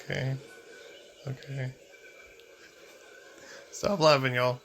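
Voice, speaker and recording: A man's voice: medium pitch, steady tone, takes it slowly, a bit bright, slight background noise. A man casually reacting to a comedy special, laid-back and swearing freely as he retells the jokes. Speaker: reaction video host.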